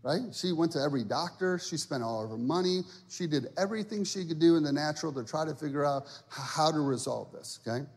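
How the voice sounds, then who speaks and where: High-pitched pastor guy preaching loud then soft, echoey church hall. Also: expressive, quick pace, hardly any pauses, slightly rough. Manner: builds from quiet to shouting preacher. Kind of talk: sermon. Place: church sanctuary.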